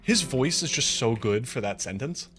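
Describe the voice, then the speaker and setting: Streamer, rambling casual commentary, lively pitch, music under. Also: moderate pace. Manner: rambling, self-deprecating, chatty. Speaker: live streamer.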